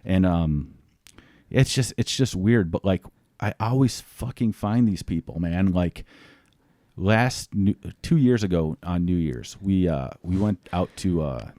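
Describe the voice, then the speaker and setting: Chicago-area guy rambling on a podcast, swears a lot, lowish voice. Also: expressive, a little slow, mellow, no echo. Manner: rambling, profane, acts out quoted voices. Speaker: podcast guest. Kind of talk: casual storytelling chat.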